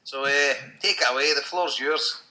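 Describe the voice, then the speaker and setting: A man hosting a podcast in a relaxed, informal way. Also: a little high, moderate pace, low-quality recording. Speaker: host.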